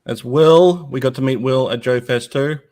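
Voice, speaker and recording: A man's voice: mid-range voice, moderate pace. An Australian man co-hosting a casual livestream chat, telling stories animatedly and laughing at himself. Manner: laughs often, self-deprecating, animated storytelling. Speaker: co-host.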